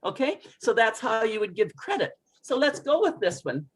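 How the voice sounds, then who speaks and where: Female English coach for an online class call; expressive, encouraging, reads lines aloud for students to echo. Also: a little high, moderate pace, breathy edge. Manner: expressive, encouraging, models phrases for repetition. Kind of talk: online group pronunciation lesson.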